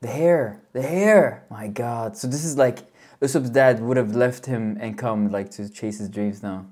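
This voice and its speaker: A woman hosting a reaction video, talking casually in an excitable, slangy way and laughing often. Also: extremely low pitch, unhurried.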